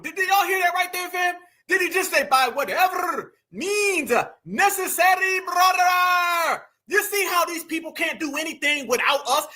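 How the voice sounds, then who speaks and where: A man's voice: very high-pitched, bright, forceful tone. A male host giving mocking, indignant commentary on video clips and calling his viewers family.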